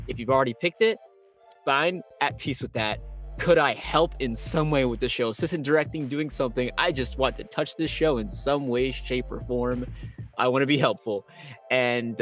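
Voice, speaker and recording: A man, a voice actor, telling his stories as a guest in an interview, excitable and quoting himself with big jumps in pitch. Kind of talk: animated storytelling in an interview.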